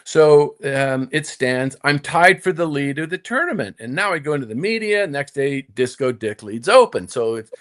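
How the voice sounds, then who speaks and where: Animated older man telling a story. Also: fairly high pitch, normal speed. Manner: animated storyteller, many repeated "and, and" restarts, acts out his own inner voice. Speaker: guest, former tour golfer. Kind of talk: storytelling in casual conversation.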